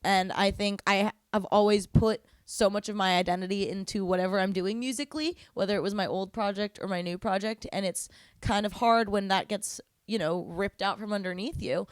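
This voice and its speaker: A woman's voice: medium pitch, brisk, no room sound, studio quality. A woman, a band's lead singer, chatting in an interview and telling stories with frequent laughs. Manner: chatty, laughs often, lively storytelling. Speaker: band vocalist guest. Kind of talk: casual interview chat.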